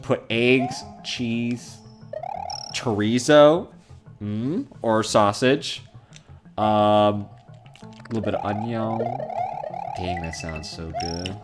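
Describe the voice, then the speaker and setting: A man's voice: on the low side, extremely slow, pauses often, music in the background. Chatty young man streaming a game. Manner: chatty, rambling, laughs often, reads comments aloud. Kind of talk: casual live-stream chat, reading chat.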